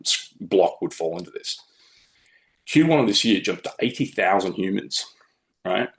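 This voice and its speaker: A man's voice: low-pitched, expressive, normal speed. A man presenting a webinar from slides in a blunt, opinionated, conversational way.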